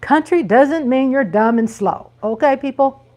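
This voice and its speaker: This livestream host, a middle-aged woman from Texas, has a high, unhurried voice with a darkish tone. In her Texan accent she chats folksily and casually right to her viewers.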